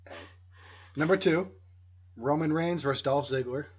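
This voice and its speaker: A man's voice: a little high, moderate pace, husky. A man hosting a casual wrestling podcast, teasing his co-hosts as he runs the rankings. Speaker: podcast host. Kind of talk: casual chat. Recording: dull lo-fi podcast audio.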